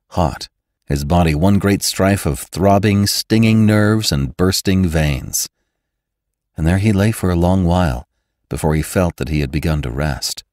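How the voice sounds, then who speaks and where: Deep-voiced man narrating a classic novel. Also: dry recording, studio quality. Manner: measured, expressive storytelling. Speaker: narrator and podcast host. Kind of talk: scripted audiobook narration.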